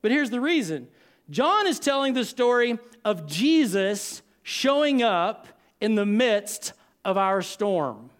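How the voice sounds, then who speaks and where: Dramatic, smooth-voiced preacher man. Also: high-pitched, very animated. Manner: dramatic, swings from loud to hushed with long pauses. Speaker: pastor. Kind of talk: sermon.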